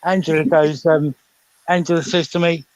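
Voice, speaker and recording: A man's voice: on the high side, steady tone, normal speed, darkish tone, no echo, poor audio. A man, joking around on a live stream and reading out viewer comments. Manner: jokey, reads out viewer comments. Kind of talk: casual chat.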